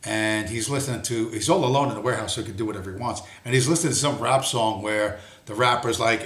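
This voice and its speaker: A man's voice: lowish voice, fast talker, few pauses, a bit bright. A man hosting a livestream, giving an angry, profane monologue and swearing bluntly throughout. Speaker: livestream host. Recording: roomy echo.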